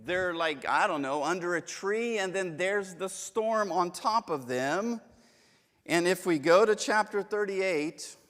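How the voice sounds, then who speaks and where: A man leads a church Bible class in a chatty, joking way, telling stories from home as a casual lesson full of anecdotes. His voice is slightly high for a man, a little bright, and a touch slow. A church hall's long reverb lingers behind him.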